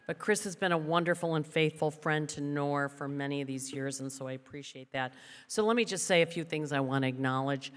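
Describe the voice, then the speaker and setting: A woman's voice: deep voice, steady tone, fairly quick, a bit bright. Woman, award acceptance speech, chatty, joking, fillers, podium mic, long echo of a large hall. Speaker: award recipient's sister giving acceptance speech. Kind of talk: ceremony speech.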